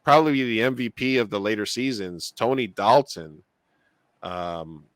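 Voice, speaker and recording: A man with a fairly low voice talks through a podcast conversation in a loose, rambling way. He gets animated, piles on fillers and restarts, and sounds close and dry with no room around him. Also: a little slow, no echo. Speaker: podcast co-host. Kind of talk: casual chat.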